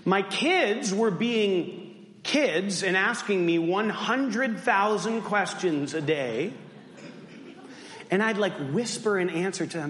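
A man's voice: sits high, expressive, measured pace, fairly bright tone. Male pastor, 30s, sermon with joking asides, slightly weak voice, roomy sanctuary sound. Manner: humorous, self-deprecating asides to the congregation. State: voice still weak after losing it. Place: church sanctuary. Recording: echoey church hall.

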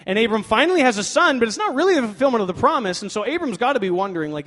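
A male pastor preaching a sermon in a conversational way, swinging from loud emphatic bursts to quiet asides and joking with himself. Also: extremely high pitch, sing-song, fast, few pauses. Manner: conversational with fillers like "like" and playful self-talk. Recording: long reverb of a large hall.

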